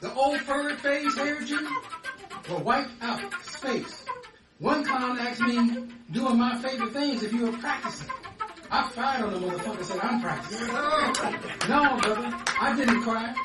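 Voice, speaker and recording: Man reading poetry, shrieking cries, echoey. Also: measured pace. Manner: rhythmic, with sudden high screams. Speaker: poet. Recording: echoey, distant, loud music behind.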